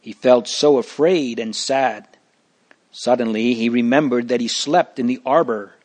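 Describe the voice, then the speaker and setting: A man narrating a storybook in a slow, measured, plain reading manner. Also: mid-range voice, darkish tone.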